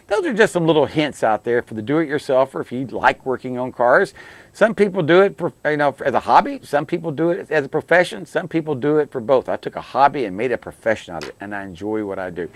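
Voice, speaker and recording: A man's voice: mid-range voice, no room sound. Folksy, plain-spoken car repairman. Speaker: radio show host, auto technician. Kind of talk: call-in radio car advice.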